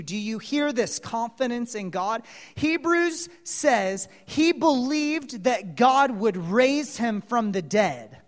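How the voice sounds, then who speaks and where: In a hall with long reverb, a man delivers a dramatic storytelling sermon, swinging from hushed asides to loud exclamations and putting questions to his listeners. His voice is very high-pitched and sing-song, and he speaks slowly.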